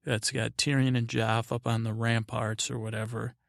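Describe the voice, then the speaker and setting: A man hosts a sleepy, rambling recap podcast in a gravelly voice that barely rises or falls. He meanders through restarts and fillers, close to a dry microphone. Everything stays flat and unhurried. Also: dry recording. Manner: meandering, full of fillers and restarts, paraphrasing characters in a low-key voice. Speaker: podcast host.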